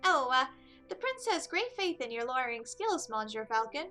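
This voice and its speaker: A woman voicing a timid, squeaky little male mouse in a game playthrough, talking nervously. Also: big pitch swings, moderate pace, sharp tone, soft background music, exaggerated voice. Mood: flustered. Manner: nervous, hesitant.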